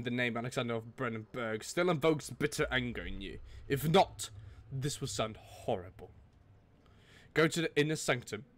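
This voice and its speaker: A man reading a game note aloud with a put-on British accent, voicing a solemn young man writing to himself in a grave, measured way. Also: mid-range voice, natural voice.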